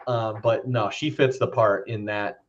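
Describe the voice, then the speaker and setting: A man talks through a film on a podcast in a loose, meandering way, with a casual habit of swearing. His voice sits at an ordinary middle pitch. The recording is a little dull and lo-fi. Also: fairly even intonation, unhurried. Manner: loose and rambling, swears freely. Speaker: podcast co-host.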